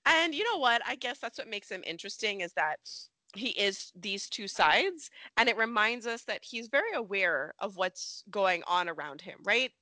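A woman co-hosting a podcast in casual chat, animated and laughing often, saying "like" a lot. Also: mid-range voice, moderate pace, no echo. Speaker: podcast co-host. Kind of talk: casual chat recapping a soap opera.

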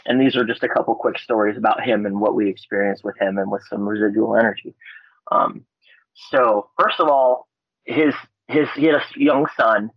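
A laid-back man from Alaska tells ghost stories in a relaxed, chatty way. He often jumps into loud, high-pitched voices when he quotes people. The audio is dry and a bit dull and lo-fi. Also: dry recording. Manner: laid-back, frequent fillers and swearing. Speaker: podcast guest. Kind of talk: casual storytelling.

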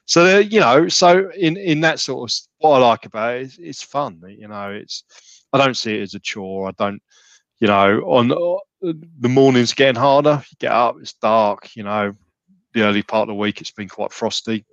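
A man's voice: medium pitch, expressive, normal speed, no room sound, highs cut off. A man talking casually as a podcast guest, rambling with many restarts and fillers. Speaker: gym client and podcast guest.

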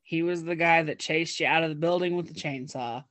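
A man from Utah talking in a casual chat, rambling and relaxed with fillers. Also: fairly high pitch, fairly quick, dry recording.

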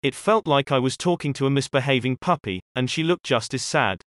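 A man's voice: medium pitch, lively intonation, a little fast, a bit bright, no echo, clean studio sound. Man reading online stories aloud. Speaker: story reader.

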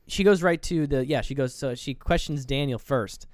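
A man's voice: medium pitch, normal speed, no echo. Man casually recapping a movie. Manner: retells scenes acting out characters' lines. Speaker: podcast co-host.

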